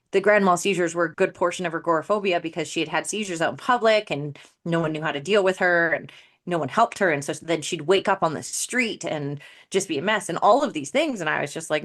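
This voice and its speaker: Woman with a low voice, addictions coach telling a story on a podcast, acts out the back and forth. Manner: animated, acts out quoted dialogue.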